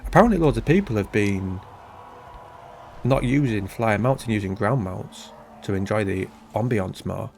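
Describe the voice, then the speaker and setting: Low-voiced chatty British man gaming. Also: animated, normal speed, creaky, a little mellow. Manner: chatty, rambling, self-deprecating. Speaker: gaming channel host. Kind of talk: casual gameplay commentary. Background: faint game music.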